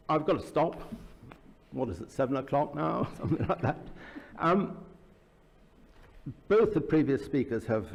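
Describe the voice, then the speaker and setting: At a book launch, a man speaking as the author tells anecdotes in a loose public talk, his storytelling full of fillers and restarts. His voice is mid-range and a little mellow, and the recording has the echo of a reverberant hall.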